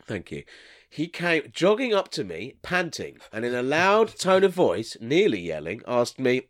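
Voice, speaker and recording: A man's voice: mid-range voice, wildly swooping pitch, unhurried. A man co-hosting a comedy podcast, swearing and teasing his co-host as he reads listener letters.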